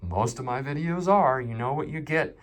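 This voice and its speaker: A man's voice: mid-range voice, normal speed. A man hosting his own tech channel, giving a candid, unscripted phone review with a self-deprecating, off-the-cuff manner.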